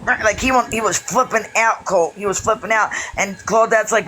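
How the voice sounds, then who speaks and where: A woman chatting casually on a live stream, telling a story in an animated way and swearing freely. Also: mid-range voice, normal speed, few pauses, faint music behind, rough recording. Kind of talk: casual gossip chat.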